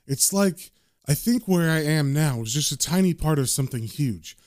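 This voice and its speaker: A man voicing a gentle ghost of a dead husband who speaks softly and tenderly. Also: animated, normal speed, natural voice. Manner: soft, low and tender.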